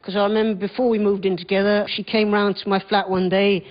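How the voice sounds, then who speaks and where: A man doing a stand-up comedy routine on stage, telling stories in a dry, deadpan way. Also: sits high, quick pace. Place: comedy stage before a live audience. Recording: dull live stage recording.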